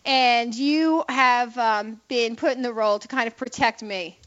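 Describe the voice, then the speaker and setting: A woman hosting a talk radio show, brash and opinionated, firing off quick asides to her co-host and listeners. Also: on the high side, fairly bright tone. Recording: dull lo-fi radio broadcast.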